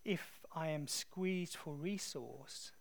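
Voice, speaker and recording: In this sermon, an English man addresses his congregation slowly, his creaky voice pitched fairly high, a little above the typical male range. His delivery is easygoing and conversational, and he brings his stories to life with animation.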